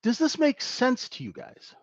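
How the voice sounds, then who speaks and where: A man's voice: very high-pitched, wildly swooping pitch, unhurried, dry recording, highs cut off. A man teaching a live trading class in a conversational way, who keeps checking in with "right?". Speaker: trading instructor.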